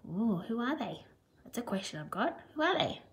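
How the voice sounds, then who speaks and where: A woman's voice: on the high side, very animated, normal speed. A teacher reading a picture book aloud and thinking through questions about it as she goes. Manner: musing, thinking aloud with hmm.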